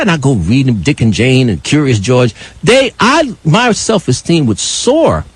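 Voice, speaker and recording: An older man from New York telling a passionate personal story as a live radio call-in co-host, with a husky voice and wide emotional swings. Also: medium pitch, very animated, unhurried, hardly any pauses, dry recording, poor audio. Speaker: radio talk show co-host.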